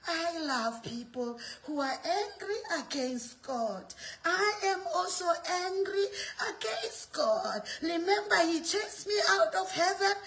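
A woman's voice: very high voice, lively intonation, slow, fairly bright tone, heavily acted. A woman preacher voicing the devil as a sly tempter who sweet-talks the listener with pet names. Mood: coaxing.

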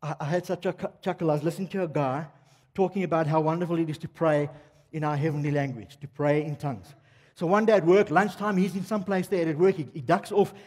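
A man's voice: on the high side, fairly even intonation, fast talker, a little mellow, husky. An older man preaching a sermon, talking straight to the congregation and firing off rhetorical questions. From South Africa. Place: church hall. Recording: long reverb of a church hall.

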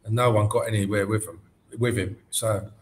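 A man's voice: lowish voice, a little fast, slight background noise. Hesitant male football guest. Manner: hesitant, relaxed. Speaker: guest pundit. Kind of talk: casual football chat.

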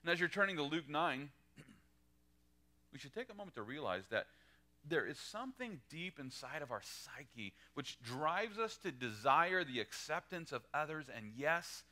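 Man, pastor, sermon, lively delivery, bright clear voice. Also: unhurried. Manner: animated, acts out quoted lines with pitch jumps. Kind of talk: verse-by-verse sermon.

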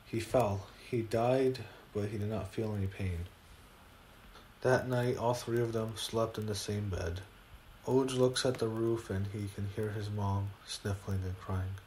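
Low-voiced man retelling in an echoey room. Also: steady tone, a little mellow, slight background noise. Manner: halting retelling full of fillers and restarts. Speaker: reviewer. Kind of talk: casual spoken review.

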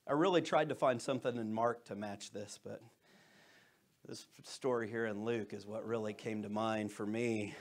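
A male pastor preaching a sermon in a church, swinging from loud, emphatic lines to soft, hushed scripture reading. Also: on the low side, steady tone, normal speed.

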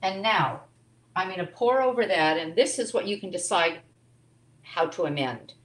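A woman's voice: on the low side, expressive, moderate pace, reverberant, background noise. A woman teaching a live online cooking class from her home kitchen, chatting and making asides as she cooks.

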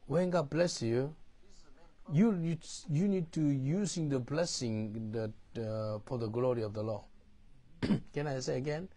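Speaking unhurriedly in a dark-toned, mid-range voice, a male pastor teaches the Bible. His English is non-native with broken grammar, and he keeps checking "do you understand?".

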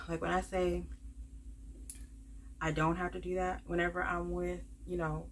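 A woman's voice: lowish voice, level tone, moderate pace, pauses often, slight background noise. A woman vlogging in a casual, rambling way. She talks straight to her viewers, fills in with lots of ums and likes, and keeps calling them "y'all.". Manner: rambling, many fillers, calls viewers "y'all". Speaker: budgeting vlogger. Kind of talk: casual chatty vlog to viewers.

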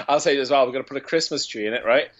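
A man, a guest on a podcast, pitching silly ideas in an animated, profane, joking way. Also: quick pace. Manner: animated, profane comic storytelling. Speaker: guest filmmaker. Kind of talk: casual podcast chat. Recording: dull lo-fi audio.

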